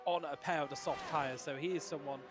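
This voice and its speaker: A man giving live commentary on a sim racing session, building excitement on fast laps. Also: a little high, noisy background. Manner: excitable, rising on fast laps, some restarts.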